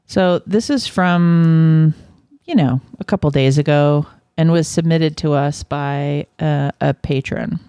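A woman's voice: sits low, takes it slowly, warm tone, smooth, no room sound, studio quality. A woman co-hosting a casual podcast, reading out an odd news story and laughing her way through it. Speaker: podcast co-host.

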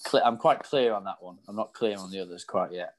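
A man's voice: sits low, brisk, background noise. A man in casual chat as co-host, talking about coaching and studies, laughing easily at himself. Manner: laughs easily, self-deprecating.

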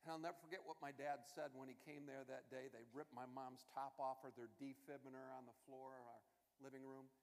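A man preaching a sermon as a guest minister, rising loud and high on his main points and dropping quiet when he tells his own story. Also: flat delivery, brisk. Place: church. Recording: long church hall reverb.

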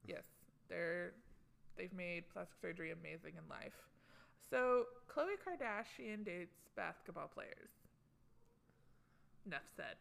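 A woman's voice: on the low side, animated, measured pace, vocal fry, pauses often, fairly bright tone. A young woman co-hosting a casual pop culture chat, chatty and gossipy, tossing in joking asides. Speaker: co-host.

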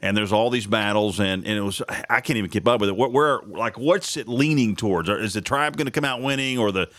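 A man hosting a morning talk radio show, blunt and animated, often laughing at his own remarks. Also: lowish voice, fairly quick, dry recording, studio quality.

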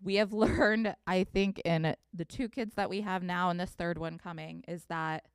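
Woman pastor, 30s, sermon delivery, expressive storyteller, slightly low voice. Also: normal speed, clear, resonant tone, no room sound, clean studio sound. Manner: expressive storytelling, reading scripture aloud.

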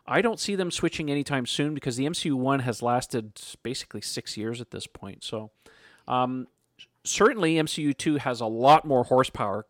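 A man's voice: mid-range voice, expressive, normal speed, no echo. Guy hosting a podcast, chatty, reads out listener questions, dry close mic, mid voice. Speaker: podcast host. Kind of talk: casual podcast Q&A.

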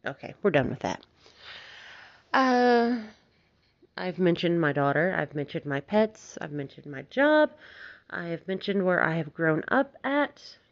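A woman's voice: on the low side, big pitch swings, measured pace. A woman from Alabama with a light Southern accent, hosting a casual podcast monologue, giggly and freely swearing as she mocks herself. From Alabama, United States. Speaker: podcast host. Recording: slightly dull lo-fi recording.

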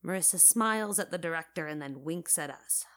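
A young woman narrating first-person audio fiction in a wry, casual, deadpan way. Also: low-pitched, brisk.

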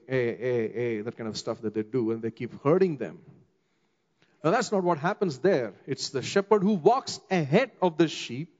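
A middle-aged man with an Indian English accent, preaching a sermon as a pastor and slowing down for emphasis. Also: fairly high pitch. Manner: expressive, slows down for emphasis, acts out quoted voices. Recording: long hall reverb, dull muffled sound.

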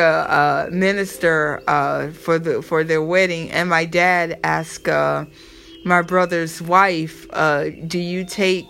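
A woman's voice: on the low side, pushed and bright. A woman talking casually and emphatically to her audience, giving motivational advice with lots of repetition and rhetorical asides. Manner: chatty, emphatic, preachy with repeated exhortations. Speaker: motivational host.

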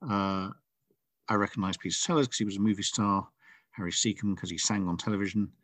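Middle-aged man, author being interviewed, low-leaning voice, reflective and meandering. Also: brisk. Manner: thoughtful, rambling with frequent restarts. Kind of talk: casual interview chat.

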